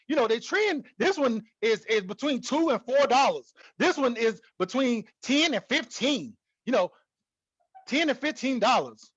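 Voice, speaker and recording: Excitable high-voiced man hyping trading. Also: husky, no echo, muffled recording. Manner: excitable, repetitive, hypes the viewer. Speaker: trading educator. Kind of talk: casual teaching talk to camera.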